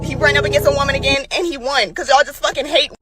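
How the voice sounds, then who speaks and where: High-voiced woman venting on camera, upset and teary, cussing a lot, loud music behind her. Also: steady tone, fast. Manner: upset, tearful, blunt and profane. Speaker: social media poster. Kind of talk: emotional vlog rant.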